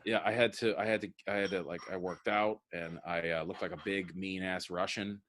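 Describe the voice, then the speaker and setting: A man in his thirties with a lowish voice tells loose, rambling stories from his career in easy interview talk. He keeps slipping into the voices of the people he quotes, circling back with repeated words as he goes. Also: steady tone, moderate pace, fairly bright tone, a little hiss or hum. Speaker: comedian guest. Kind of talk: casual interview chat.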